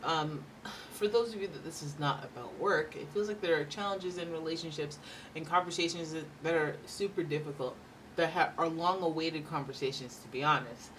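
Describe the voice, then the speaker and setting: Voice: mid-range voice, a little fast, fairly bright tone, far from the mic, a little hiss or hum. A tarot reader giving a casual, rambling reading with playful asides.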